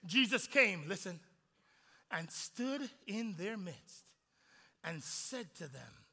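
A man preaching an Easter sermon to his congregation, swinging from hushed whispers to shouts and acting out the voices of the people in his story. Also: high voice, expressive, moderate pace, long reverb tail. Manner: acts out quoted voices of disciples and Jesus. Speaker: pastor.

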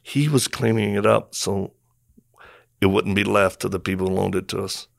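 Man, middle-aged, gravelly low voice, dry close sound, animated storyteller. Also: normal speed, no echo. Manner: animated storyteller, acts out quotes and sound effects. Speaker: former Marine telling stories. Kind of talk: casual storytelling conversation.

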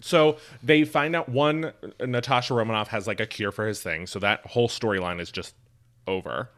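A man's voice: fairly low pitch, normal speed. A man chatting casually on a podcast, joking and telling stories about films. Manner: joking, animated storyteller. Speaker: podcast host.

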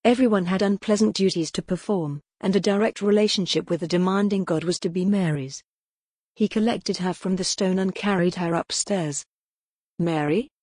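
A woman narrating a gothic novel in a steady, measured audiobook reading. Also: mid-range voice, no room sound, studio quality.

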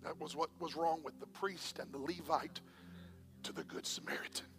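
A man preaching a sermon as pastor, swinging between hushed whispers and shouts, with faint music behind. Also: fairly high pitch, normal speed. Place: church.

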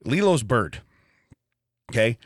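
A man's voice: mid-range voice, slow, dry recording, clean studio sound. A middle-aged man co-hosting a podcast, telling stories in a casual chat and laughing often. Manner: animated storyteller, laughs often. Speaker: podcast co-host. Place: podcast studio.

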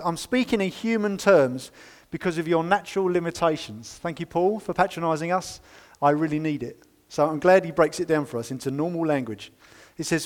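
A man preaching a sermon in a church, reading scripture and explaining it in a wry, conversational way, with sudden loud stresses and quiet asides. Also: a little high, moderate pace. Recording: long reverb of a church hall.

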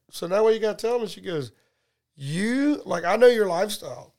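A man's voice: sits high, lively intonation, moderate pace, a little mellow. A middle-aged man, casually telling profane, joking stories on a podcast and acting out both sides of conversations. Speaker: podcast co-host. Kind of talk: casual storytelling chat.

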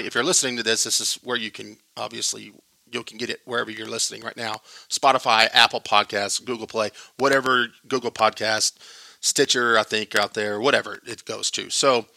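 A man's voice: medium pitch, sharp tone, dry recording. A man hosting his own podcast, talking loosely in a rambling, self-deprecating way full of fillers. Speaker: podcast host. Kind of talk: casual solo podcast trailer.

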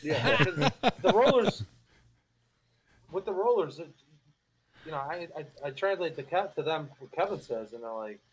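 Animated storytelling man. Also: a little high, normal speed, long pauses, slight background noise, poor audio. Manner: animated storyteller, acts out coworkers' voices. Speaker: cigar company guest. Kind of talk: casual podcast chat.

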